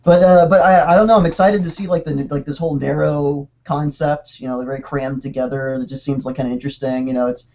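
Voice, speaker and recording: A man casually chatting on a podcast, excitable and rambling, with quick restarts. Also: on the high side, slight background noise. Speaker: podcast co-host. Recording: dull lo-fi podcast audio.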